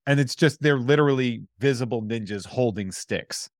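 A man's voice: mid-range voice, moderate pace, dry recording, studio quality. A man co-hosting a casual chat about comics, chatty and amused, acting out funny quotes from scenes. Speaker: podcast co-host.

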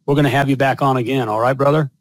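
A man's voice: mid-range voice, steady tone, rapid-fire, dry recording. A man hosting a plumbing podcast in an upbeat, casual way, calling his guest brother. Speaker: podcast host. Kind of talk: casual interview chat.

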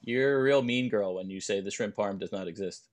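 A young man co-hosting a podcast, telling rambling anecdotes and dropping deadpan jokes in casual chat. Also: lowish voice, brisk. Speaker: podcast co-host.

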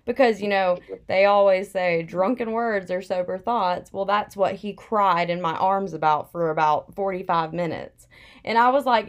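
A woman's voice: mid-range voice, moderate pace. Chatty young woman telling a story. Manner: chatty, many "like" fillers, candid storytelling. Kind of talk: casual chat.

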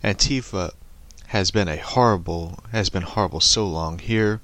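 A man's voice: low-pitched, normal speed, fairly bright tone, no echo. A young man giving a rambling, profane opinion rant and chuckling between remarks. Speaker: online commentator.

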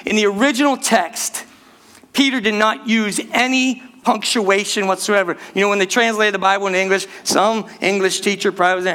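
Man preaching, high voice, bright and forceful tone, animated sermon delivery. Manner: animated preaching, speeds up and slows down, calls out to the church. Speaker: pastor.

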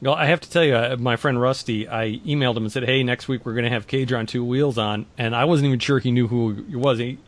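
A man from the United States co-hosting a podcast, animated and laughing through anecdotes. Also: medium pitch, fast talker, few pauses. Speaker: podcast co-host. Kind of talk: casual podcast chat, storytelling.

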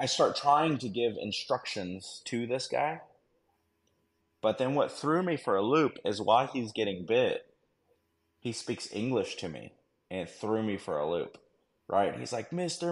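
Guy, lowish voice, rambling slangy war story on a podcast, lots of "right?". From United States. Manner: animated, slangy, many fillers and "right?". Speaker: podcast guest, former army dog handler.

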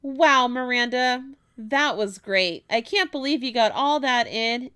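Bright-voiced woman host, a bit high, playful and teasing in casual banter. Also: smooth. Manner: playful, teasing, quick to laugh. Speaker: podcast host.

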